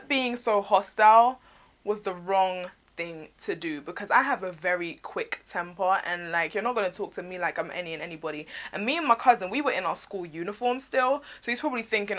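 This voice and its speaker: A young woman with a British accent tells a story straight to camera. She is chatty and animated, at an ordinary middle pitch, and slips into voices for the people she quotes. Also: a little fast. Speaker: vlogger. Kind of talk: storytime vlog.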